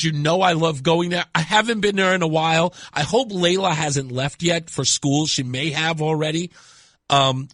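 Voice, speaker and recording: A male talk radio host speaks in a bright, forceful voice that sits a little high. He hammers his points with repetition, and the studio sound is dry and close. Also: no room sound. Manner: emphatic, repeats key words for effect. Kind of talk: radio talk show monologue.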